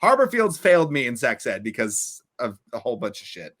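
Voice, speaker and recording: A young man from Long Island, co-hosting a podcast and telling stories in a casual, animated way, acting out his friends' lines. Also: brisk. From Long Island, New York. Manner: animated, acts out friends' voices with big jumps in pitch. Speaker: podcast co-host. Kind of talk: casual storytelling chat. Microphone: remote podcast call.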